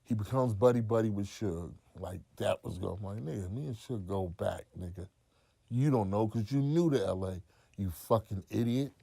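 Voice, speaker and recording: Gravelly man telling a profane story. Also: fairly low pitch, normal speed, no room sound. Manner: profane, acts out quotes loudly. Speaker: interview guest. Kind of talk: animated storytelling.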